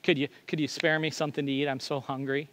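A pastor voicing a hungry, weary homeless man who pleads softly for food. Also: on the high side, little pitch movement, fast talker, pitched below the performer's own voice, natural voice. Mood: pleading. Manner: pleading, timid, soft.

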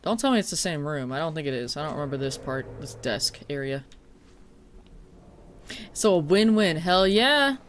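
Lively horror-game streamer, swears a lot, shrieks at scares, moderate pitch with big swings, faint hiss behind. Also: normal speed, long pauses. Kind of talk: live game stream commentary.

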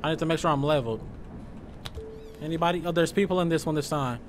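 A young man giving joking, loud let's-play commentary, full of slang as he reacts to the game. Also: on the high side, fast, a little hiss or hum. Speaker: gaming streamer.

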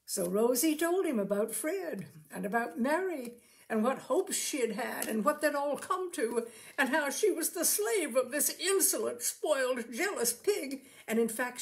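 A woman reading a short story aloud in a dramatic, lively storybook manner. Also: on the high side.

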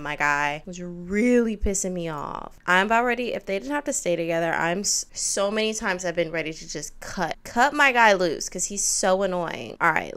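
A young woman talking through her game at a fast clip, venting and scolding the characters on screen. Her voice is smooth and clear, in a middle register. She swears often and breaks into sighs and short laughs. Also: medium pitch, fairly bright tone. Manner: quick, chatty, frequent laughs and sighs. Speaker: gaming YouTuber. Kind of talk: casual gameplay commentary.

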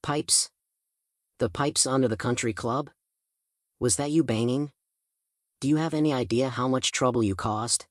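A man's voice: mid-range voice, moderate pace, pauses often, no echo, studio quality, natural voice. A man voicing a smug, condescending teenage boy in an audiobook, asking nagging questions. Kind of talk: audiobook character voice.

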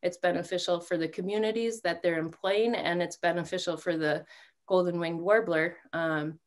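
A woman presenting an online workshop over a video call, talking in a relaxed way with many fillers. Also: lowish voice, normal speed.

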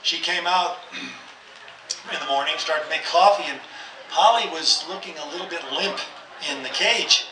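A man's voice: a little high, a little slow, noisy background. A man telling a folksy joke to a crowd at a church celebration under a large outdoor tent. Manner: folksy storytelling. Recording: distant, echoey, music in background.

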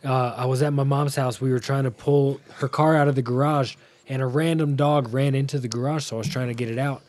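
A man's voice: medium pitch, steady tone, brisk, a little mellow, dry recording. Laid-back young man, dry close sound. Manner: laid-back, slangy, says "bro" and "dude" a lot. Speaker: podcast co-host. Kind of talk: casual chat.

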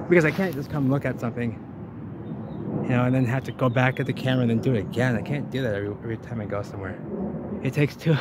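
A man exploring ruins outdoors, rambling and thinking aloud to his camera and getting excited as he finds things. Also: medium pitch. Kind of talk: casual exploring vlog. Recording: noisy outdoor camera audio.

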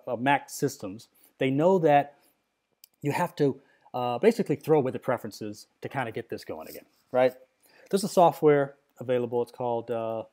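A man's voice: medium pitch, a little mellow. A middle-aged man narrating a screen recording, agitated and rambling as he talks straight to his viewers with lots of "okay?" and "right?". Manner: frequent tag questions and fillers. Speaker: computer user demonstrating a software crash.

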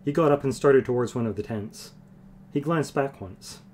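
A man's voice: medium pitch, moderate pace, a little mellow, slight background noise. A man reading a fantasy novel aloud on a livestream, earnest and easygoing between chapters. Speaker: reader.

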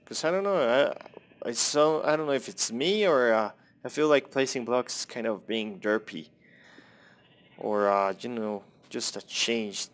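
A man's voice: medium pitch, measured pace. A young man casually commenting on his own gameplay, rambling, self-deprecating and swearing at the game.

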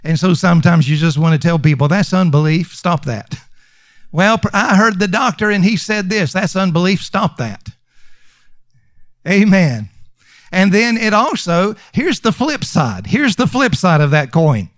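A man's voice: sits high, sing-song, normal speed, no echo. A man preaching a sermon as pastor, emphatic and conversational, repeating lines for stress. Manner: conversational with fillers and restarts.

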